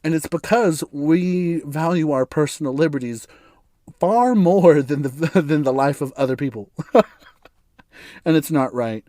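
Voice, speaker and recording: This American podcast host's voice sits on the high side and is a little mellow, captured in a dry, clean studio recording. He rambles casually on his own show, with sarcastic asides and lots of laughs.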